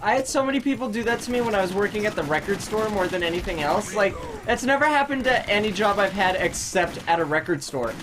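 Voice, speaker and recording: A person chatting casually while gaming, animated and swearing, acting out quotes. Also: mid-range voice, fast talker, hardly any pauses, background noise. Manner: animated, swears a lot, acts out angry quotes. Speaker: gamer chatting. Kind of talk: casual chat.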